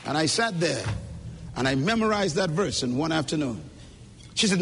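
A man's voice: fairly high pitch, lively intonation, normal speed, a bit bright, slight background noise. A man giving an emphatic, preacher-like motivational speech at a conference, speaking directly to the audience, recorded in a reverberant hall.

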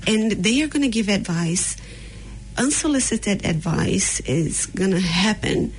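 A woman's voice: mid-range voice, lively intonation, unhurried, husky, rough recording. A woman with a Brazilian accent, speaking bluntly and frankly as a podcast guest in a candid conversation. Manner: blunt and frank, mixing in sharp retorts.

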